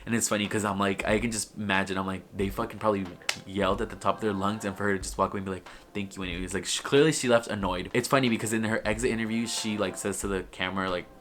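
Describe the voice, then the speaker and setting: A man's voice: on the low side, fairly even intonation, very fast, hardly any pauses, a bit bright. A young man vlogging in casual, gossipy commentary, rambling and swearing freely, with lots of "like.". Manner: profane, rambling, heavy use of "like". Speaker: YouTube vlogger.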